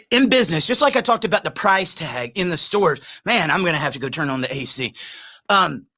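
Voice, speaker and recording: A man hosting a podcast, delivering a fired-up, preachy monologue that climbs into shouts. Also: high voice. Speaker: podcast host.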